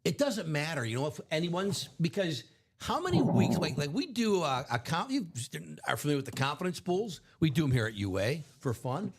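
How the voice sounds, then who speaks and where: A man's voice: a little high, very animated, normal speed, a little hiss or hum. A man hosting a live sports card break stream, chatting casually in a rambling, self-correcting way. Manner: rambling, self-correcting, chuckles at own stories.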